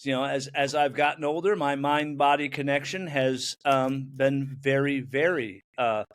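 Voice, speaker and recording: A man's voice: mid-range voice, steady tone, normal speed, clear, resonant tone. A man in his fifties, a hypnotherapist guest in a casual interview, joking, rambling and laughing often. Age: 50s.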